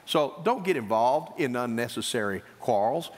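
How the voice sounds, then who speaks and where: A male pastor preaching a sermon, swinging between emphatic high points and quieter asides. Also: expressive, moderate pace. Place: church sanctuary. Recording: church hall reverb.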